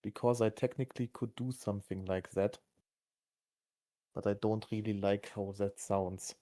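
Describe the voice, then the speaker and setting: A man chatting casually as a player in a tabletop game. His voice sits fairly low, and he talks haltingly, stopping on fillers and restarts. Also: fairly even intonation, warm tone.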